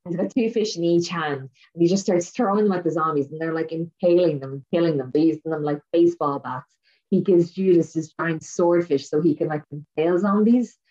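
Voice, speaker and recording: A woman co-hosting a podcast, excitedly retelling a film in casual chat and laughing often. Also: fairly low pitch, fairly quick, highs cut off. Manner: animated storyteller, laughs often.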